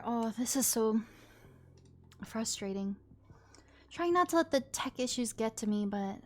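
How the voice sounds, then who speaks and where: A woman with a somewhat high voice talks casually to her live-stream viewers. She is chatty and thanks them often while fighting tech trouble. Faint music plays in the background.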